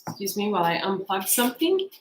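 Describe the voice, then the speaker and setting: Woman in her 40s doing a tarot reading, chatty and emotional, mid pitch, echoey room. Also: very animated, fast talker, a little hiss or hum. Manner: chatty, emotional, talks straight to viewers. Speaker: tarot reader. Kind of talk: casual tarot reading with personal storytelling.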